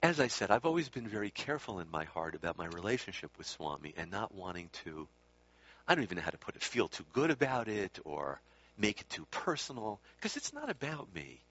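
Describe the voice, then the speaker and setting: A man's voice: fairly low pitch, big pitch swings, brisk, fairly bright tone. A man telling a casual, rambling anecdote about a spiritual teacher, correcting himself and adding asides as he goes. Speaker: speaker recalling time with a spiritual teacher. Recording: dull lo-fi recording.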